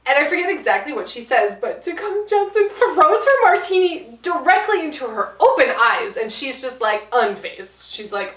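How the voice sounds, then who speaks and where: Woman, casual movie review, animated, profane, higher pitch, distant from mic. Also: moderate pace, hardly any pauses. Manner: animated, swears a lot, acts out quotes. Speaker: podcast co-host. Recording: echoey room, voice a bit far from mic.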